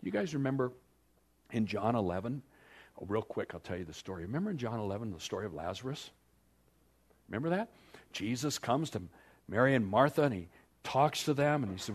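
A male pastor preaching a sermon, acting out scripture scenes with animated storytelling. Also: lowish voice, a little fast, pauses often, breathy edge.

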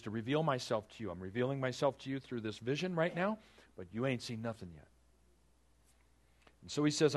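A man preaching a sermon, retelling scripture in a conversational way and acting out the characters' lines. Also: mid-range voice. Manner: animated, conversational preaching that acts out biblical dialogue. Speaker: pastor.

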